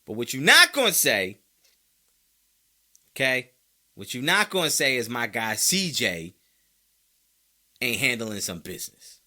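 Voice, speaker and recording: Man, sports podcast host, casual, lively swinging pitch, very bright forceful voice, playful mock voices. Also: measured pace, pauses often. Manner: animated, playful, mock-quotes fans in exaggerated voices. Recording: mic close by.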